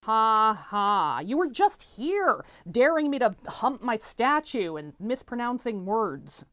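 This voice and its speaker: A woman playing a flustered, bookish young gentleman. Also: on the high side, big pitch swings, takes it slowly, no room sound, heavily acted. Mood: exasperated. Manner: prim, exasperated, stammering. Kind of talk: comedic audio drama.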